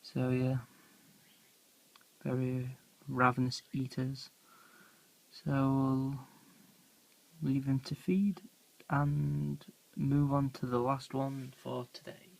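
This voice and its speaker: A quiet, laid-back speaker, casually narrating a pet-feeding vlog into a handheld camera at home. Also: medium pitch, flat delivery, slow, vocal fry, pauses often, low-quality recording. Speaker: hobby pet keeper filming feedings. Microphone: handheld camera mic.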